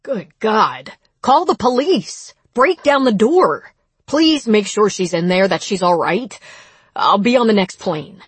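An alarmed, protective grown man, as a woman narrator puts him on, low and husky. He turns urgent and commanding, recorded dry and close in a story reading. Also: animated, normal speed, no room sound.

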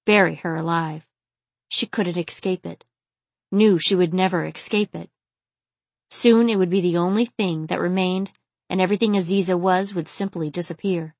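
A woman narrating a novel in a steady, intimate storytelling manner. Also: fairly low pitch, moderate pace, no echo. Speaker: audiobook narrator. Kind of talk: scripted audiobook narration.

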